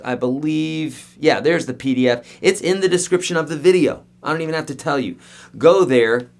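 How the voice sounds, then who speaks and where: Man, guitar instructor, live-stream lesson, emphatic and energetic, middle-pitched voice. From United States. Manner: energetic, emphatic, talks straight to viewers. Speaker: guitar teacher.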